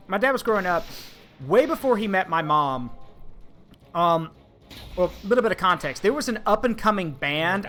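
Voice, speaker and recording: Bright-voiced streamer telling a rambling story. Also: mid-range voice. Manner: rambling, filler-heavy storytelling. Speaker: streamer host. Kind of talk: casual storytelling chat.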